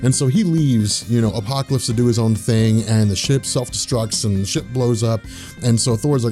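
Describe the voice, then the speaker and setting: A man's voice: mid-range voice, a little fast, warm tone, soft background music. A man casually retelling a comic story as host, rambling with lots of fillers and slang.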